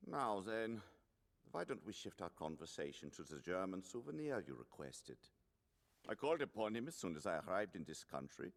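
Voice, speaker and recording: An actor playing a jovial, worldly old gentleman who tells stories in a measured, genial way in an anime. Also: sits low, very animated, gravelly, no echo, heavily acted. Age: older. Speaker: anime character. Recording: anime clip with score underneath. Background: background music.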